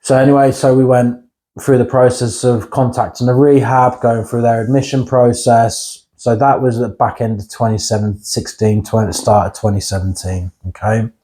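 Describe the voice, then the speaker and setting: A man's voice: medium pitch, flat delivery, normal speed, warm tone. A man, telling his own life story bluntly in an interview, swearing now and then and often checking in with the listener. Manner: blunt and frank, swears, keeps checking in with "right?". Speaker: interview guest. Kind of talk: candid personal storytelling.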